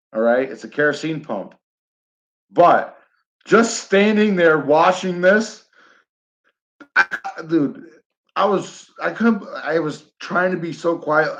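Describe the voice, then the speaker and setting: A man's voice: fairly high pitch, slow, long pauses, fairly bright tone. A man from Northern New York chatting casually to his viewers, rambling and chuckling as he tells a story. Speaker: live stream host. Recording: dull lo-fi audio.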